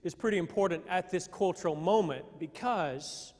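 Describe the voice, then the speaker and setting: A man preaches a sermon in an easy, conversational manner, stopping and restarting as he thinks aloud. His voice sits somewhat high for a man. A long reverb trails after his words, as in a large church. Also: normal speed, a little mellow. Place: church sanctuary.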